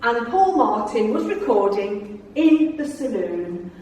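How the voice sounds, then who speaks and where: A middle-aged woman tells lively anecdotes to a club audience, in a chatty, theatrical way and with plenty of laughter. Her slightly high voice rings through a very echoey meeting room. She is picked up from some distance, with a faint hiss underneath. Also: slow. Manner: chatty, theatrical storyteller who laughs often. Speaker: guest speaker, former tour guide. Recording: very echoey room, voice far from mic.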